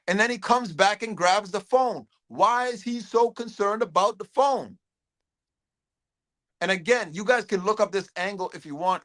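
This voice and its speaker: A man's voice: a little high, a bit bright. A middle-aged man hosting a casual livestream, talking loosely to viewers, repeating words and reading the chat aloud. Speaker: host.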